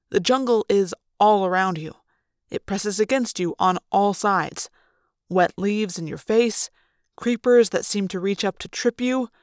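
A woman reads a novel aloud in a slow, deliberate dramatic style. Her voice sits at a middle pitch and is recorded close and dry, with no room sound. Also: no echo. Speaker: narrator. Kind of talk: audiobook reading.

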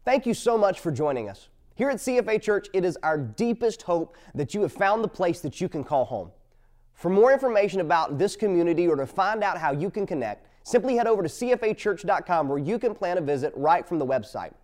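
A man with a high voice reads a scripted church closing. His delivery is smooth and welcoming. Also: very animated, a little fast, a little mellow. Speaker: church announcer.

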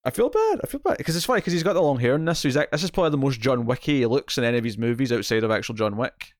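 A man's voice: mid-range voice, sing-song, very fast, dry recording, studio quality. Rambling man reviewing a movie. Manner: rambling, frequent restarts and repeated words. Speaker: podcast co-host. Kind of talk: casual movie review chat.

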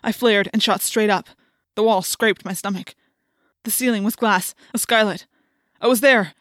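A woman's voice: mid-range voice, fairly even intonation, normal speed, a bit bright, dry recording, studio quality. Dramatic woman narrating an audiobook. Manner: dramatic, intense first-person storytelling. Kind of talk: scripted first-person audiobook narration.

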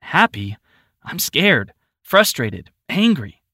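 A man's voice: sing-song, slow, bright, forceful tone, dry recording, clean studio sound, heavily acted. A man voicing a frightened grown woman searching for her missing daughter, speaking in a raised, pleading voice. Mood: earnest. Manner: raised pitch, pleading and earnest.

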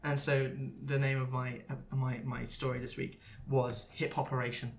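A man co-hosting a podcast, telling a story in a relaxed, hesitant way with ums. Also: medium pitch, moderate pace, gravelly, slight background noise. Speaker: podcast co-host.

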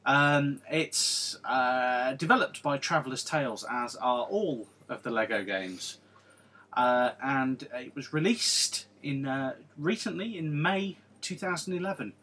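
A man co-hosting a casual gaming podcast, teasing and chatty, halting with fillers as he explains. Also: mid-range voice, bright, forceful tone. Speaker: podcast co-host. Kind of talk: casual chat. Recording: faint background noise.

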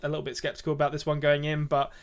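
A man's voice: on the high side, completely flat delivery, racing. A man hosting a casual podcast chat, joking and mocking himself as he wraps up the show. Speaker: podcast host.

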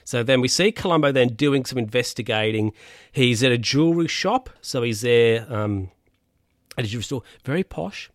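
A man's voice: mid-range voice, expressive, brisk, no room sound, studio quality. A man casually recapping a TV episode, rambling, with lots of fillers and restarts. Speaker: podcast host recapping a TV episode. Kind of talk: casual chat.

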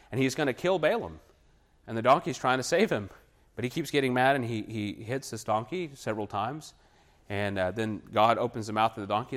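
A man preaching a sermon, retelling a Bible story and acting out the figures' lines with a raised, animated voice. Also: on the low side.

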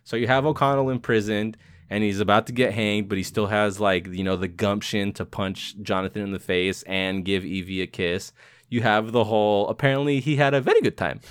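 A man's voice: on the low side, a little fast, clean tone, dry recording, studio quality. A young man co-hosting a casual movie podcast, retelling scenes with lots of swearing. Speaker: podcast co-host. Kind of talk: casual movie review chat.

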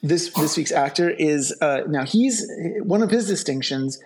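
A man's voice: a little high, lively intonation, unhurried, darkish tone, slight background noise. Chatty man sharing TV trivia. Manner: enthusiastic, reads trivia aloud. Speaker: podcast co-host. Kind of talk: casual podcast chat.

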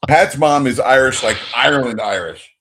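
A man co-hosting a podcast in casual chat, animated and jokey, laughing often. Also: medium pitch, moderate pace, background noise. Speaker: podcast co-host.

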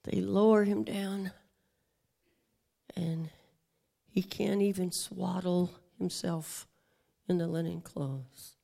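A woman preaching a dramatic sermon, swinging between whispers and loud proclamation. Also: lowish voice, fairly even intonation, slow, creaky, long pauses.

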